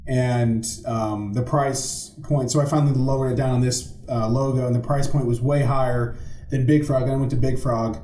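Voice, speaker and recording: A man's voice: mid-range voice, steady tone, normal speed, dark tone. A young man co-hosting a podcast in casual banter, joking and swearing freely. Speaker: podcast co-host. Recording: roomy echo.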